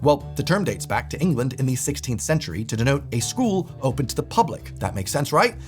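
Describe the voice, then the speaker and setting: Quick, lively male explainer narrator. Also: medium pitch, faint music behind. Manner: quick, playful delivery with wry asides. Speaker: video presenter.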